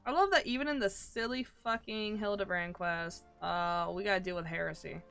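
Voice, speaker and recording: A woman's voice: medium pitch, fairly even intonation, moderate pace, vocal fry, a bit bright, faint music behind. A young adult woman streaming a game, making casual, profane, joking asides.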